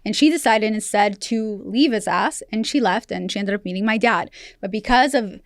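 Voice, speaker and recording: A woman's voice: medium pitch, normal speed, no room sound, clean studio sound. A woman in her thirties from Russia, a podcast guest telling candid personal stories in casual chat and laughing often. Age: 30s.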